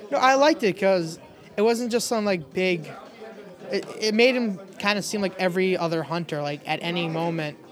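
A man's voice: high-pitched, normal speed. A young man chatting as a guest, rambling with many fillers. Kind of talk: casual chat.

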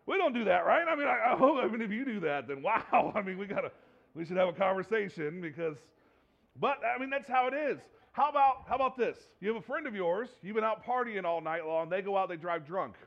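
A man's voice: high voice, a little fast, gravelly, lo-fi sound. A man preaching a sermon, asking the congregation rhetorical questions and acting out what people say. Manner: animated, rhetorical questions, acts out quoted voices. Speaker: pastor.

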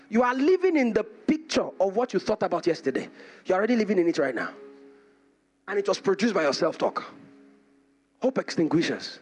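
Male pastor from Nigeria, high voice, animated swings, preaching with fervor. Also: a little fast. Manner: impassioned preaching, repetition for emphasis. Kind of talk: sermon. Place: church service.

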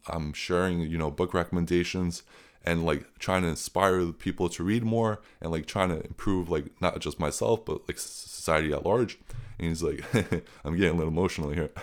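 A young man with a low-pitched voice, guesting on an interview podcast. He tells his story in a casual, earnest and rambling way, leaning heavily on filler words as he goes.

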